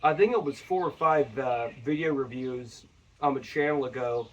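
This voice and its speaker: A man's voice: mid-range voice, moderate pace, a bit bright, dull audio. A man talking to his viewers in a rambling, chatty whiskey review. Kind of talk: casual review vlog. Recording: voice a bit far from the mic.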